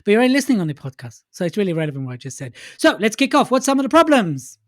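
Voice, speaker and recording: A man co-hosting a podcast in casual chat, playful, tossing in quick asides. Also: sits high, sing-song, no echo, clean studio sound. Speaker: podcast co-host.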